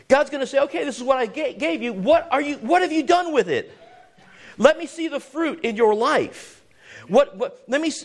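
A man preaching a sermon, full of rhetorical questions and scripture read in old-fashioned wording, stumbling and repeating words as he drives his points home. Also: extremely high pitch. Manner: emphatic, rhetorical questions, swings to hushed tones; repeats words and restarts often.

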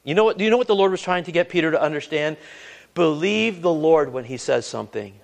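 A man with a high voice preaches a sermon in an earnest, conversational way. He often repeats and restarts his words and throws questions out to the congregation. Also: expressive, fast, gravelly.

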